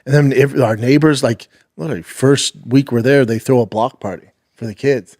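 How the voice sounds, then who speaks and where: A man's voice: medium pitch, moderate pace, dry recording, clean studio sound. Man telling stories in casual podcast chat. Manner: storytelling, animated quoting, trails off quietly. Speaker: podcast co-host, former fighter.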